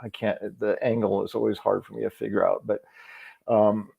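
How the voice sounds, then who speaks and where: A man's voice: fairly low pitch, little pitch movement, normal speed, creaky, mellow, husky. A middle-aged man talking as a show guest in casual chat, reflective and storytelling, often restarting his sentences.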